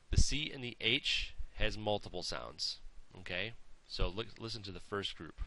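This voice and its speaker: A man's voice: fairly low pitch, lively intonation, moderate pace, few pauses, pushed and bright. A man teaching pronunciation, patiently overemphasizing each sound in his demonstrations and checking in with "okay?" as he goes. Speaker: language teacher. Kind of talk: pronunciation lesson.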